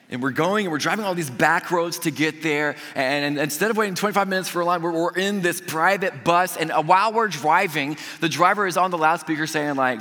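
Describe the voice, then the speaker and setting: A man preaching a sermon, telling a story with lively acted-out quotes of the people in it. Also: a little high, quick pace, few pauses. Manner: animated storyteller acting out quoted voices. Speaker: pastor. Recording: long hall reverb.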